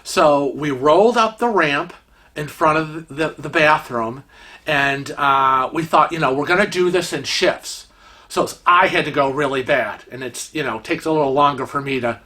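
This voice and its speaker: A middle-aged man casually telling a travel story to camera, animated and acting out the voices of the people in it. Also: a little high. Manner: animated, acts out quoted voices.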